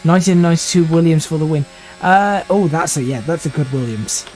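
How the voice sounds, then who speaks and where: Slightly high-voiced young male sim-racing streamer. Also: a little fast, a little mellow, faint music behind. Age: 20s. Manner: thinking aloud, restarts sentences while driving.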